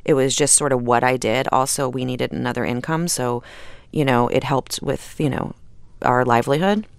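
Chatty woman with gravelly fry. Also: very deep voice, fairly even intonation, normal speed, dry recording. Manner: chatty, rambling with fillers and restarts, laughs often. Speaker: actress, interview guest. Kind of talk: casual interview conversation.

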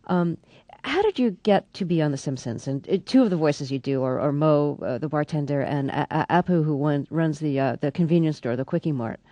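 A woman's voice: low voice, a little fast, warm tone, no echo. A woman interviewing a guest, asking thoughtful questions and rephrasing them as she goes.

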